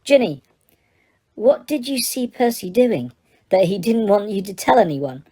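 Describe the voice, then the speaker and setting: A woman voicing a calm, understated young schoolboy wizard in an audiobook, close to her own mellow voice. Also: medium pitch, a little slow. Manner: plain, understated. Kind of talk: audiobook character voice.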